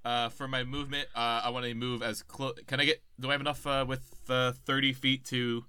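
A tabletop game player talking in a laid-back way, pausing with fillers while planning moves. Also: mid-range voice, little pitch movement, pushed and bright, clear, resonant tone, no echo. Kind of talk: casual tabletop play.

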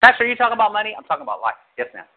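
A male pastor preaching an animated sermon, acting out quotes with big jumps in his voice. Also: high voice, rapid-fire. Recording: tinny phone-like audio.

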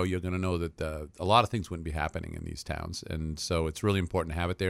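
A man with a bright, forceful voice that sits a little low, chatting on a radio show about upcoming community events. He talks freely, full of fillers and easy laughs. The sound is close and dry. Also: smooth, dry recording. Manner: talkative, laughs easily, many fillers. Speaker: event promoter for a community center. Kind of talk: casual radio chat.

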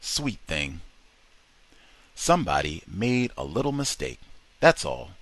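A man reading a soft reassuring son on the phone. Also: low voice, sing-song, takes it slowly, no room sound, pitched below the performer's own voice, exaggerated voice. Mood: gentle. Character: soft-spoken man comforting his elderly mother.

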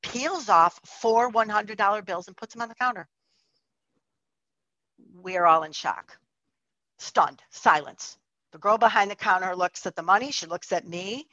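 A woman's voice: medium pitch, measured pace, pauses often, pushed and bright, no echo, dull audio. A woman telling a personal testimony in a chatty way, full of likes and restarts. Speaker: storyteller.

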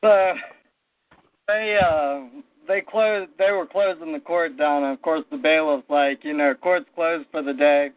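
A man telling a story casually, with animated anecdotal delivery. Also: fairly high pitch, a little slow. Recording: tinny phone-line audio.

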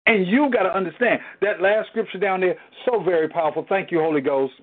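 High-voiced man teaching Bible study. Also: brisk. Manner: emphatic, repetitive preaching with rhetorical questions. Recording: tinny phone-like sound.

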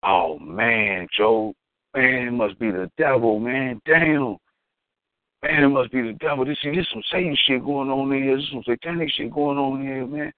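A man voicing a flustered young man at a club who keeps saying the devil made him do it, in a higher, sheepish voice. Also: moderate pace, dry recording, natural voice. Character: flustered young man caught hitting on a wife. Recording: tinny phone-like, dry.

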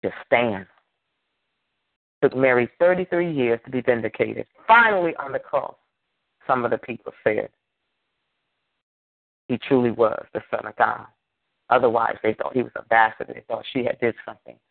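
A man's voice: mid-range voice, moderate pace, gravelly, pauses often, no room sound. A man preaching a sermon as pastor, emphatic and repetitive, drawing call-and-response from the congregation. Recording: tinny phone-like dry sound.

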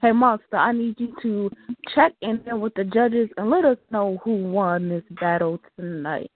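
A woman's voice: medium pitch, moderate pace, no room sound. Woman, call-in show host, upbeat, slangy, tinny phone-like audio, dry. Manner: upbeat, laughs often, loose slang. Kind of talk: casual live call-in hosting.

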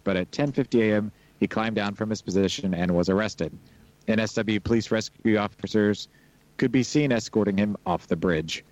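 A man co-hosting a podcast, chatting casually and reading listener emails aloud in a relaxed way. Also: on the low side, lo-fi sound. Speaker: podcast co-host.

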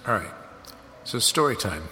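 A low-voiced man hosts his podcast from his office, telling a story in an animated, casual way. He acts out other people's lines as he goes. The room has a long ringing reverb, and music plays clearly underneath. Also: normal speed. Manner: animated, acts out quoted dialogue. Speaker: podcast host. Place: home office studio.

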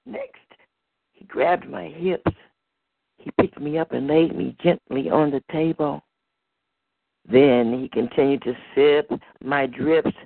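Woman at an open mic, gravelly, measured rhythmic poetry, phone-like audio. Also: low-pitched, steady tone, no echo. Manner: slow, rhythmic, rhyming delivery. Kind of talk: spoken word poetry performance. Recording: tinny phone-like recording.

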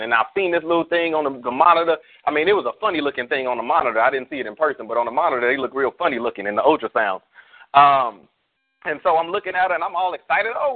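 A man serving as pastor preaches in a relaxed, slangy way, leaning on made-up scenarios to drive his point home. His voice sits a bit high. The audio comes through a thin, tinny phone-like line. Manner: preachy storyteller, spins hypotheticals, slangy. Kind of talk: casual church talk show on a call.

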